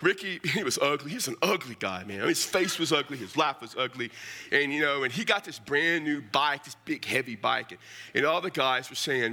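A middle-aged man preaches in a folksy, joking way, telling stories and calling his listeners "man". His voice is gravelly and carries a bright, forceful edge, and he tells his stories with plenty of humour. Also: medium pitch, expressive, brisk. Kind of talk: storytelling sermon.

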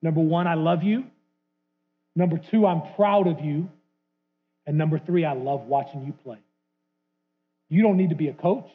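Preacher, tinny narrow sound. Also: male voice, fairly high pitch, moderate pace, pauses often, breathy edge. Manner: dramatic, acting out quotes with big swings from loud to hushed. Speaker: guest preacher. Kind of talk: sermon.

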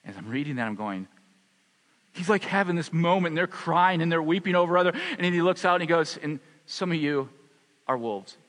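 Male pastor, sermon, fairly high voice, long hall reverb, impassioned then hushed prayer. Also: fast. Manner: impassioned preaching, quieting to soft prayer. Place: church hall.

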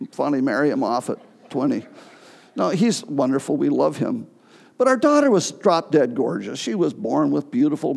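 A middle-aged male pastor preaching a sermon, telling a personal story with emotion and halting restarts. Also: fairly high pitch, vocal fry, a little mellow. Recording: long hall reverb.

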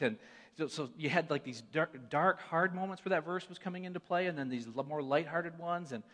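A man in his forties giving an earnest sermon testimony, moving between hushed and emphatic delivery. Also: on the high side, a little fast. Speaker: church speaker sharing a testimony. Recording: long reverb of a large hall.

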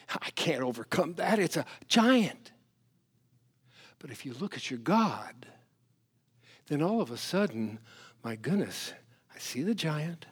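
Guy preaching, voice jumps all over, fairly high, loud then hushed. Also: slow, long pauses, slightly rough. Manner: animated preaching, swinging from loud emphasis to hushed asides. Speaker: pastor. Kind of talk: sermon.

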